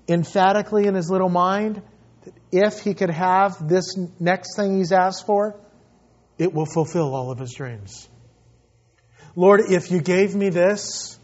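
A man with a high voice delivers an impassioned sermon. He drops to hushed pleading, then rises to loud, ringing declarations. The recording sounds a little dull and muffled. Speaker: pastor.

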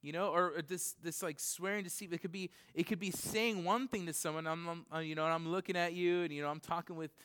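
A man's voice: fairly high pitch, steady tone, quick pace, hardly any pauses, fairly bright tone, clean tone. A man preaching a casual sermon to a congregation. He rambles with lots of "like" and "you know" and briefly acts out other voices. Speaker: pastor. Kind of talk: conversational sermon. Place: church, in front of a congregation. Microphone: recorded for CD and computer.

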